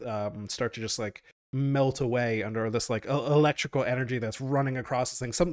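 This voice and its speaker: A man's voice: mid-range voice, no room sound, studio quality. Casual man running a tabletop game. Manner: casual, laughing, lots of fillers and restarts. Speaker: game master.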